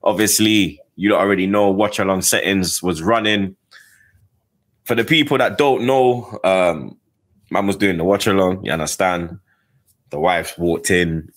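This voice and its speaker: Deep-voiced London man telling stories. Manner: animated storytelling with slang tags. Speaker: host. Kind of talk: casual chat.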